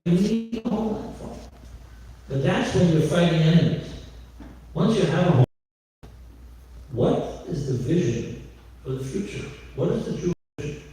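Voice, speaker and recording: A man's voice: a little high, dark tone, slight background noise. A man addressing a synagogue congregation in a conversational way, telling anecdotes with many ums and uhs. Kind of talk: speech to a congregation. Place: synagogue sanctuary. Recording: echoey hall, distant mic.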